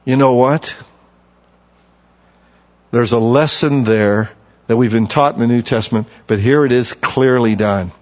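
A man's voice: mid-range voice, a little slow, long pauses, a little mellow. A man preaching a sermon, reading scripture aloud and breaking off to explain it in plain, emphatic asides. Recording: dull lo-fi sound with long hall reverb.

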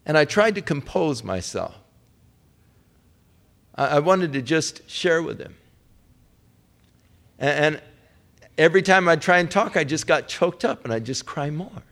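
A man's voice: on the high side, animated, measured pace, creaky, long pauses. Man preaching an emotional story. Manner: emotional, heartfelt storytelling with wide swings between hushed and raised. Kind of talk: storytelling sermon.

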